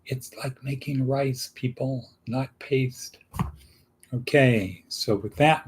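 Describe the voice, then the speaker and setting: A man hosting a casual motivational talk, slow and rambling, with quick asides. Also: medium pitch, level tone, a little mellow, breathy edge. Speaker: host.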